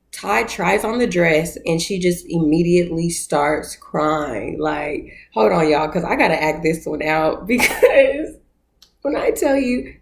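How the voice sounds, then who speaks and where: A woman casually recapping a reality show, animated and acting out scenes in put-on voices. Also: fairly low pitch, gravelly. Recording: roomy echo.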